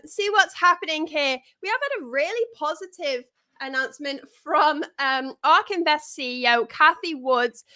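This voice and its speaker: High bright Northern English woman. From Northern England. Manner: chatty, frequent restarts and laughs. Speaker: crypto news show co-host. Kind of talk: casual live-stream chat.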